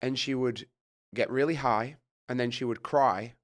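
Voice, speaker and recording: Speaking at a moderate pace and medium pitch, this middle-aged man from Britain is a guest spinning a casual story. He gets animated, swears, and performs his own reactions along the way.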